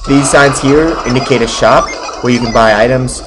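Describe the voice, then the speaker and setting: A man doing casual let's play commentary at a middle pitch, dry and sarcastic, poking fun at what's on screen. Game music plays clearly under his voice. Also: steady tone, normal speed, rough recording. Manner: sarcastic, mocking the game dialogue in silly voices.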